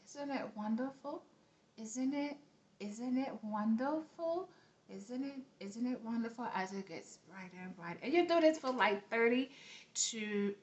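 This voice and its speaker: A woman's voice: on the high side, fairly bright tone. A woman giving casual spiritual teaching to her viewers. She talks in an earnest way, repeats herself, and often checks in with "okay?", and she has a light accent. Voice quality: light accent, self-noted. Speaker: spiritual vlogger. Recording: roomy, dull lo-fi recording.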